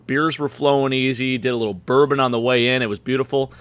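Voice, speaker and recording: A man, slightly hoarse and a bit tipsy, rambling excitedly about his game day. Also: mid-range voice, quick pace, no echo. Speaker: guest fan panelist. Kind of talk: casual chat.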